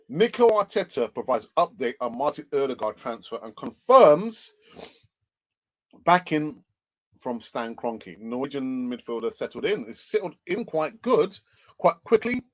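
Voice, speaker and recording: Man, football stream host, chatty, sarcastic asides, middle pitch, muffled lo-fi sound. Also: big pitch swings, unhurried, long pauses. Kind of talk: live-stream news chat. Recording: dull lo-fi stream audio.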